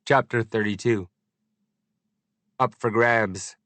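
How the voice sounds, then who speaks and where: A man narrating a first-person audiobook in an expressive, deliberate storytelling manner. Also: on the low side, no echo.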